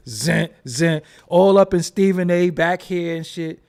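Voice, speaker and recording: A man's voice: sits high, expressive, measured pace, vocal fry. A man hosting a casual commentary show, joking and riffing in slangy with frequent laughs. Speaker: host.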